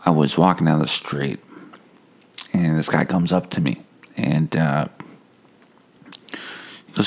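A man's voice: extremely low pitch, fairly even intonation, takes it slowly, vocal fry, long pauses. A man hosting a podcast on his own, rambling and swearing as he tells a story and mocks himself. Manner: rambling, profane, self-mocking. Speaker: podcast host.

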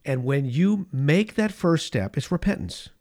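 A man's voice: on the high side, big pitch swings. Impassioned male preacher. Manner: impassioned preaching with dramatic pauses and swings in loudness. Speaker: pastor. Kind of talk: sermon.

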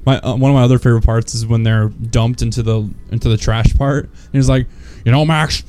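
A man's voice: mid-range voice, level tone, a little fast, mellow, a little hiss or hum. A man co-hosting a casual podcast chat, laid-back and laughing often. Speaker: podcast co-host.

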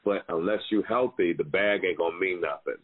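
Deep-voiced man on a phone line. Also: fairly quick, breathy edge. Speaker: podcast host and comedian. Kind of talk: casual phone chat. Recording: phone-line call audio.

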